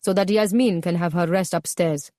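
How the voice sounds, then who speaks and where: A woman's voice: lowish voice, steady tone, moderate pace, dark tone, dry recording, clean studio sound, natural voice. A woman narrator voicing a cold, controlling husband who speaks in curt, menacing commands. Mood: cold, commanding.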